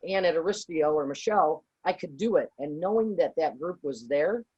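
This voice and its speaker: A woman's voice: sits low, lively intonation, moderate pace, husky, lo-fi sound. A middle-aged woman, a business owner, answering interview questions in an earnest, rambling way with many fillers and restarts. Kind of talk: conversational interview.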